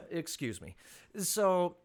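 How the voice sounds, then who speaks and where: A man's voice: sits high, sing-song, very slow, creaky. Rambling man hosting a casual podcast. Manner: rambling, loose, with many fillers and swearing. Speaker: podcast host. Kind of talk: casual solo podcast monologue. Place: rural property. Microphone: phone.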